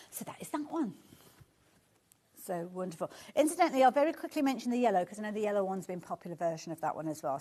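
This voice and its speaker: With a mid-range voice, a woman presents a live shopping broadcast. She chats warmly about the merchandise and responds to viewers' comments with effusive enthusiasm.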